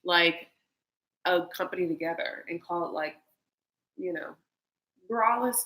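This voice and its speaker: A woman's voice: lowish voice, measured pace, sharp tone, low-quality recording. A woman hosting a casual reality-TV recap chat, chatty and campy, slipping into exaggerated voices to mimic people. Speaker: host.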